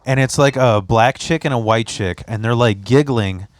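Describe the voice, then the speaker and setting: Rambling profane podcast host. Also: male voice, mid-range voice, normal speed, no echo, clean studio sound. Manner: loose, rambling, profane storytelling with put-on voices. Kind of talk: casual podcast chat.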